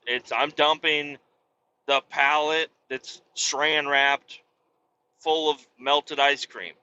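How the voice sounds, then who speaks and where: Man with a bright, rambling, profane voice. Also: fairly high pitch, highs cut off. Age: adult with young children. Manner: rambling, profane, with many restarts. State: hiccuping. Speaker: podcast host. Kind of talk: casual rambling monologue.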